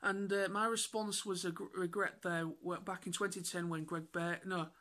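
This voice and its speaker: Excitable man, high bright voice. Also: moderate pace. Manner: excitable, rambling storyteller. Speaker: YouTuber. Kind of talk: casual vlog recap.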